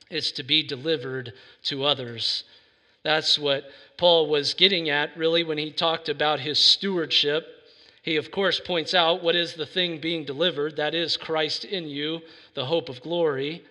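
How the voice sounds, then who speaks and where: A man's voice: fairly high pitch, pushed and bright. A man giving an earnest sermon as a pastor, building to emphatic preaching. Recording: reverberant hall sound.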